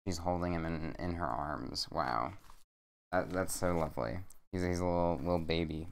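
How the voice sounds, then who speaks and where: Young male streamer, deep and smooth, reads a bedtime story at home with deadpan asides. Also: moderate pace. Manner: rambling, with jokey deadpan asides. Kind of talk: casual bedtime story reading. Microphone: desk mic.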